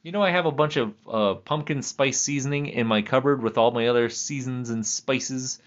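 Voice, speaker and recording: Rambling, jokey man, lo-fi audio. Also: moderate pace. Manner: chatty, laughs often, jokey pitch swings. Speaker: vlogger. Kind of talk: casual rambling monologue. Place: at home.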